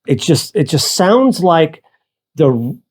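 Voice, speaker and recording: Male co-host, relaxed and profane, very animated pitch. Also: slow pace, husky. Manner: laid-back, swears casually. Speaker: movie review co-host. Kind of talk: casual chat.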